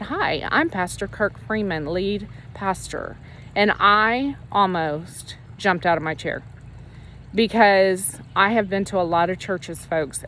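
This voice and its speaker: A woman's voice: on the low side, fairly bright tone, a little hiss or hum. A woman sharing a personal faith testimony in casual, earnest storytelling, emotional and rambling with frequent restarts. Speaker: Christian ministry leader sharing her testimony.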